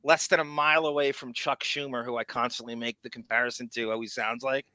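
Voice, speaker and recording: A man hosting a casual livestream podcast, talking in an animated way, laughing often and reading viewer messages aloud. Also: mid-range voice, fast, smooth, dry recording. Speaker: podcast host.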